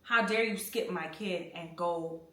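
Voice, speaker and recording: Young woman, candid slangy storytime, tense bright voice, roomy bathroom echo. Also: lowish voice, a little slow. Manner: candid, slangy, animated retelling. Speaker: vlogger. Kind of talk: casual storytime while cleaning. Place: home bathroom. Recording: echoey bathroom, mic at a distance.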